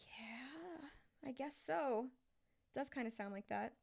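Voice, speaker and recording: A woman singer chatting casually on a livestream between vocal takes, reading chat aloud and clearing her throat often. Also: high voice, animated, unhurried, fairly bright tone, dry recording, clean studio sound. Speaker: singer streaming vocal tracking.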